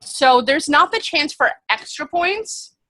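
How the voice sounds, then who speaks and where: Bright-voiced young woman teasing her co-host. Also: high-pitched, expressive. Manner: teasing, quick comebacks. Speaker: podcast co-host, trivia quizmaster. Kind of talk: casual chat.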